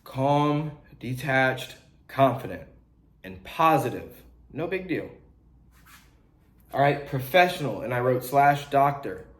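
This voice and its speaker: A young man coaching beginners in a blunt, animated, slangy way, acting out sales calls as he teaches. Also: mid-range voice, slow pace, long pauses. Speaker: real estate wholesaling coach. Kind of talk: casual teaching talk to camera. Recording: echoey room.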